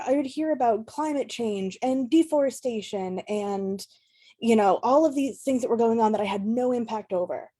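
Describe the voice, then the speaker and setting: A woman advocate speaks on a video call panel, her voice sitting a little high and sounding mellow. She rambles, restarts her sentences, laughs often and gets emotional as she talks. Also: moderate pace. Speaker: climate education advocate.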